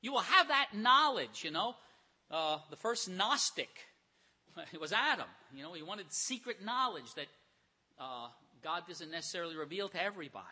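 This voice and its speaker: A man preaching a sermon, retelling scripture stories with animated storytelling and acted-out voices. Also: on the high side, normal speed, breathy edge. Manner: animated storytelling, acts out characters.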